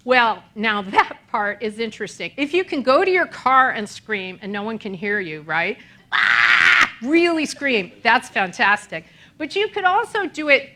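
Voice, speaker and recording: A middle-aged woman preaching in a relaxed, conversational way, her fairly high voice swooping widely as she spins self-deprecating stories. Her tone is bright and sharp, and she laughs easily at herself along the way. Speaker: minister. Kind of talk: conversational sermon.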